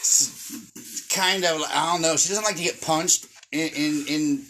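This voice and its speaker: A man's voice: fairly high pitch, a little slow. A man around forty telling a crude story while laughing, in casual chat. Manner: laughing, profane, lively storyteller.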